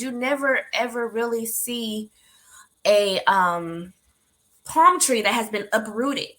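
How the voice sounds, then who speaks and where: A woman hosting a talk show for women, telling a personal story in an animated, heartfelt way and speaking to her listeners directly. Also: fairly high pitch. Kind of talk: candid motivational storytelling.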